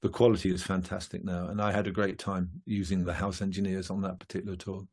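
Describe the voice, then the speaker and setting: Low-voiced rambling male musician. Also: flat delivery, fast, darkish tone, husky. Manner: rambling, many fillers and restarts. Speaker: guest musician. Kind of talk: casual interview chat.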